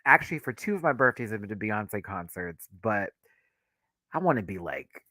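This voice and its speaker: Excitable male streamer, bright and animated, gushing fan chat, dry close sound. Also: lowish voice, normal speed, no echo. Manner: excitable, gushing, laughs often. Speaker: livestream host.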